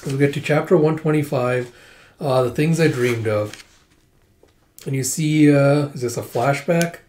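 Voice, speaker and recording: A man's voice: mid-range voice, a little slow, a little mellow, slight background noise. A man casually reading through a comic aloud, retelling panels with lots of fillers. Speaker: comic readthrough host. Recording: roomy echo.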